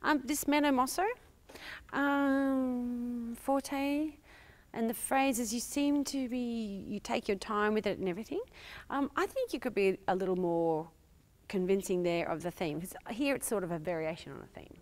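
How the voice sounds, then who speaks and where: A woman's voice: a little high, moderate pace. A woman with an Australian accent teaching a violin master class, asking probing questions and singing phrases aloud. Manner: encouraging, questioning, sings phrases.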